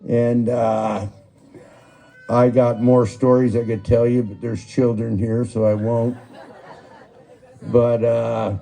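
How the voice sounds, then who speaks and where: A man's voice: medium pitch, mellow. An older man giving a folksy, rambling eulogy for a friend, telling stories and swearing casually. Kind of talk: storytelling at a memorial. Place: memorial gathering.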